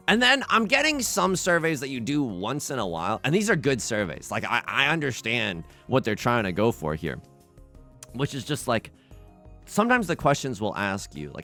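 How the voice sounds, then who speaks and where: A man's voice: medium pitch, huge pitch swings, moderate pace, bright, forceful tone, soft background music. A young man hosting a let's play, chatting casually over his game in a rambling, self-interrupting way.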